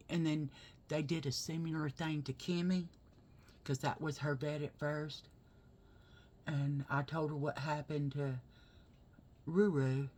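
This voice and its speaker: A woman's voice: low-pitched, a little hiss or hum. A woman chatting while she does her makeup and telling a story that grows heated. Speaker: vlogger. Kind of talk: casual chat while doing makeup.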